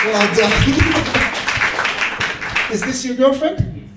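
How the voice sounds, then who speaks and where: A man doing stand-up crowd work, loud and mocking, laughing and shouting at people in the audience. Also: high voice, slow pace, noisy background. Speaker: stand-up comedian. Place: comedy stage before a live audience. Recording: roomy club sound from a distance, loud audience.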